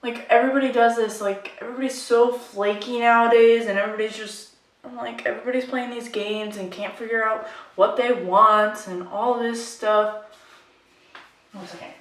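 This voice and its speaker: A woman's voice: on the high side, fairly even intonation, normal speed, a bit bright. Young woman venting to her camera, rambly and fed up, lots of "like", room echo and the mic kinda far off. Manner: frustrated, rambling, full of "like". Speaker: makeup vlogger. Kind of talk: casual rant to camera. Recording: echoey room, mic at a distance.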